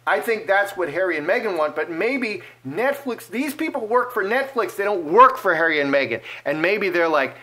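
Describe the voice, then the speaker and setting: A man giving casual fortune-telling commentary as he reads cards, animated and playful, acting out imagined speech. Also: sits high, normal speed, hardly any pauses. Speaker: card reader.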